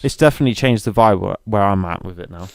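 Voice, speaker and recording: A young man co-hosting a casual podcast, laughing often, swearing and reading recipes aloud haltingly. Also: on the low side, vocal fry, no room sound, clean studio sound. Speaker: podcast co-host. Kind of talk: casual banter.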